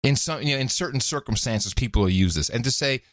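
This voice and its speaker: A podcast host from Europe, talking in a loose, joking way. His pitch swings widely as he goes. The sound is close and dry, with no room at all. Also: no echo. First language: Dutch. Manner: animated, chuckling, quick to joke. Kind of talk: casual talk.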